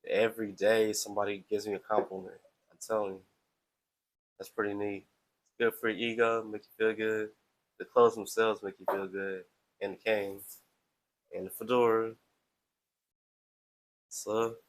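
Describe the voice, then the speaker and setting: A man's voice: on the low side, low-quality recording. A man hosting a live stream, talking casually in a playful, chatty, self-promoting way.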